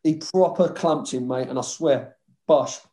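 On a casual podcast, a London-accented ex-footballer from Hackney throws himself into animated old football tales, swearing and laughing all the way. His voice is a touch high and unhurried. The room sounds roomy and echoey.

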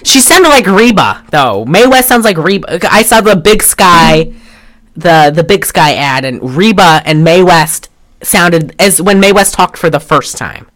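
A woman with a voice on the low side, expressive and fairly bright, speaks at a measured pace. As co-host of an informal film podcast, she rambles, curses freely and frequently starts over.

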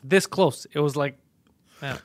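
A man's voice: fairly high pitch, measured pace, no echo. A man hosting a comedy podcast, teasing and swearing his way through casual chat on a studio mic. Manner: crude, teasing, heavy swearing. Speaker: podcast host.

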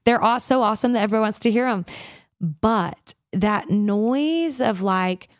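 A woman worship leader in a casual interview, telling stories with lively acted-out quotes and many "like"s. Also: mid-range voice, measured pace, dry recording, studio quality. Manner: animated storyteller, acts out quotes, frequent "like".

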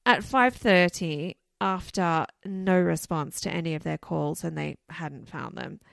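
Low, gravelly woman telling a story. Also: a little slow, a bit bright, dry recording, studio quality. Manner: chatty, loose, many "you know" and "like" asides. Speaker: podcast co-host telling a crime case. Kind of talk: casual storytelling chat.

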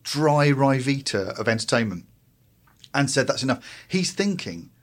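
A man's voice: medium pitch, big pitch swings, unhurried. A man on a podcast, working through long, thoughtful points about comedy. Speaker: podcast co-host. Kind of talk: casual chat.

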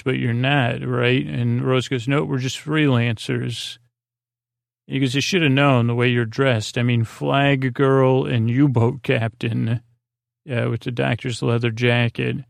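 A man's gravelly, creaky voice drifts through a bedtime retelling with almost no rise or fall. He meanders and stumbles over his words, restarting sentences and filling gaps with "uh". The sound is close and dry, with no room around it. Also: mid-range voice, flat delivery, no room sound. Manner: halting and meandering, many fillers and restarts. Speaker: podcast host. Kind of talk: rambling bedtime retelling of a TV episode.

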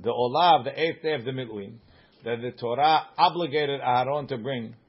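A man's voice: medium pitch, brisk, slightly rough, muffled recording. A man teaching a Talmud class, reading the Aramaic in a sing-song study chant and explaining it in English.

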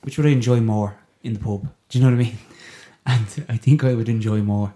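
A man with an Irish accent, co-hosting a casual podcast, chatty and quick to laugh, often trailing off mid-sentence. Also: fairly low pitch, mellow. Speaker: podcast co-host.

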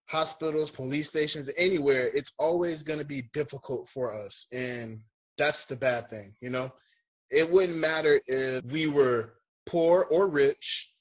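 Husky-voiced man telling a story on a call. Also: medium pitch, low-quality recording. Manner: emphatic, animated, acts out dialogue. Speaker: guest, first-time father. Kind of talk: casual personal storytelling. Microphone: video call.

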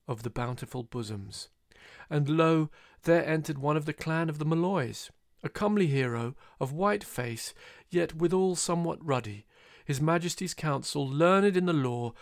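A man's voice: a little high, no room sound, studio quality. Man reading a classic novel aloud. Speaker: audiobook reader. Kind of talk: literary reading with voiced characters.

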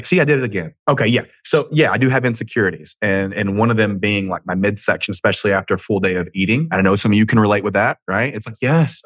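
This very deep, husky American podcast host has a light Southern twang and a fairly bright tone as he delivers a casual solo monologue from home. Rambling and profane, he cracks self-deprecating jokes and wanders off on tangents, recorded close and dry with no room sound.

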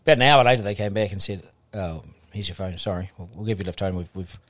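A man with a New Zealand accent, speaking in a fairly low voice at a brisk, rapid clip. He tells his story in an animated way and plays out the quoted exchanges with people in it. This is a relaxed podcast interview. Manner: animated anecdotal storytelling, acting out quoted dialogue. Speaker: guest broadcaster.

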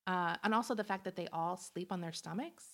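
A woman's voice: fairly low pitch, a little fast. A woman hosting a podcast, casually telling a true-crime story, chatty and laughing often, acting out quotes. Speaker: podcast host.

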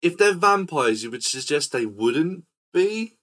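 A man's voice: a little high, very animated, unhurried, fairly bright tone. A man hosting a casual film podcast, rambling and quizzical as he recaps a scene. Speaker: podcast host. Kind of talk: casual film-review chat.

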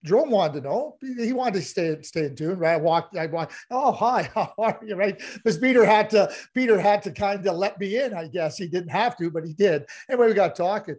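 A man's voice: high-pitched, a little fast, hardly any pauses. A middle-aged man co-hosting a hockey podcast, telling stories in casual chat and often repeating words as he gets going. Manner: storytelling, animated, repeats words. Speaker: podcast co-host, former hockey executive.

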